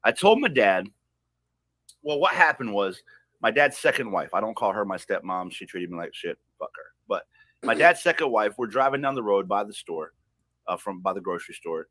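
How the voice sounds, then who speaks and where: A man on a podcast telling a personal story in a heated, profane way, swinging from loud outbursts to hushed asides. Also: sits low, expressive, brisk, breathy edge, no room sound. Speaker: podcast guest.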